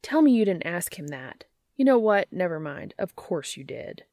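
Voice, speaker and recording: A woman voicing a gruff, sardonic young man in a read-aloud story. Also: on the low side, normal speed, a little mellow, dry recording, clean studio sound, natural voice. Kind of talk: fan fiction audiobook reading.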